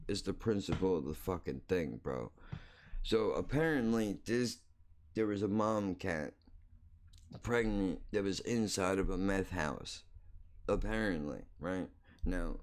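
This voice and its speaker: A man hosting his own show, telling a story in a blunt, crude, rambling way, full of profanity and restarts. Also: sits low. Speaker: podcast host.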